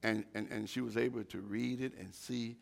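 An older man preaching a sermon, moving from quiet, halting talk with repeated words to shouted, fired-up preaching. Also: fairly low pitch, fairly even intonation, gravelly.

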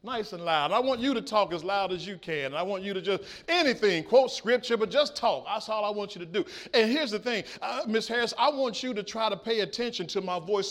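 A man preaching a sermon, swinging between soft asides and loud calls. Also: high-pitched, expressive, moderate pace, few pauses. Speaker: pastor. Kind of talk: sermon with a live illustration.

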